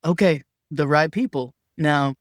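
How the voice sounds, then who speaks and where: Earnest guy on a podcast, kinda high voice, dry close mic, gets animated acting out old convos. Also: a little slow, no room sound. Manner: earnest and emphatic, acts out his own past dialogue in a raised voice. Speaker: podcast guest. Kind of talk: candid conversational sharing.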